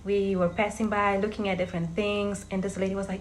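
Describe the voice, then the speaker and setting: Woman, 30s, from Verde, casual storytelling vlogger, chatty, middle-pitched voice. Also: flat delivery, a little fast, slight background noise. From Cape Verde. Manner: chatty, often addresses viewers as guys, laughs while telling stories.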